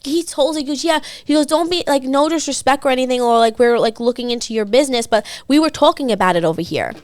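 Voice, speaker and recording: Young New woman, podcast co-host, a little high, dry close sound, acts out the people in her story. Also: animated, fast talker, a little mellow, dry recording. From Staten Island, New York. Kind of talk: casual storytime chat.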